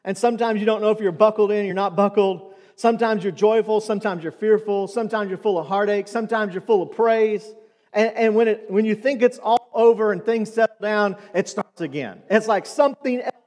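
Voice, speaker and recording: A man's voice: high-pitched, brisk, a little mellow, long reverb tail. A man preaching a sermon, telling stories and asking asides of the congregation in a church. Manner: storytelling, conversational with asides to the congregation. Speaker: pastor. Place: church sanctuary.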